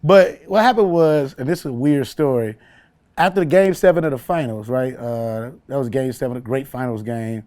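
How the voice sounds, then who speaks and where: A man, a comedian telling a story in an interview, animated and laughing often as he acts out voices. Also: mid-range voice, moderate pace. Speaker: comedian guest.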